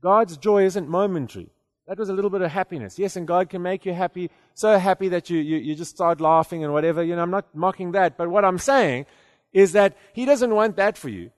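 A man's voice: sits high, fairly quick, in a large hall. A man preaching a sermon in a conversational way, often repeating words and then rising to emphatic declarations.

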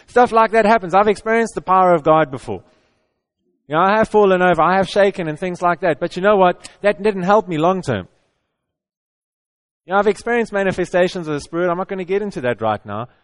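A middle-aged man preaching in a conversational, earnest way, often repeating and restarting words. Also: high-pitched. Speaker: pastor. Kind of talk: conversational sermon.

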